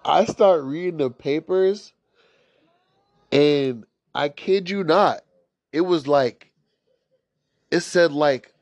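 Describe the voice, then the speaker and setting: A man's voice: fairly high pitch, takes it slowly, long pauses, a little mellow, no echo. A young man telling a story in a casual, rambling way, swearing often and leaning on filler words. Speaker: storyteller host. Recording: dry, slightly dull lo-fi recording.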